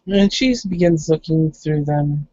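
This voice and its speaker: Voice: medium pitch, unhurried, dark tone, dry recording, lo-fi sound. A game master casually narrating a tabletop game and voicing its figures.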